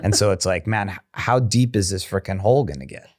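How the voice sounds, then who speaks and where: Man co-host of a podcast; low voice, self-deprecating humor. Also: lively intonation, a little fast. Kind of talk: podcast conversation.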